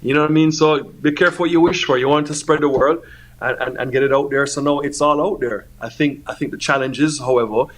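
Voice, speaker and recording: A man's voice: mid-range voice, fairly even intonation, quick pace. Easygoing man filling in with "you know". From Jamaica. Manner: easygoing, peppered with "you know what I mean". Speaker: music producer guest. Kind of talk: casual interview answers.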